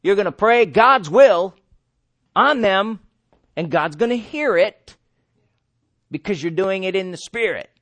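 Man, preacher, high-pitched voice, emphatic sermon, rhetorical questions, dry close recording. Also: expressive, measured pace, pauses often, fairly bright tone, dry recording. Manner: emphatic, asks the listener questions and answers them himself.

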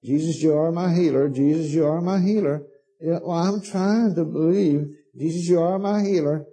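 A man's voice: high-pitched, normal speed, dark tone, breathy edge, poor audio. A male preacher imitating a timid, frightened woman believer who prays halfheartedly and falters. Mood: timid, doubtful.

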